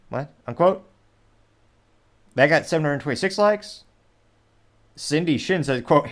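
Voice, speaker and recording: A man's voice: a little high, lively intonation, measured pace, long pauses. A man hosting a casual commentary show, reading social media comments aloud with wry, rambling asides and frequent self-corrections. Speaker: host.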